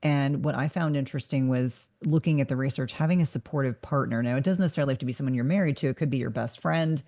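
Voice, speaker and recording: A middle-aged woman hosts a casual podcast interview, speaking earnestly and reflectively and sometimes repeating words as she thinks. Her voice is low and rumbling with a dark tone, and she talks fast.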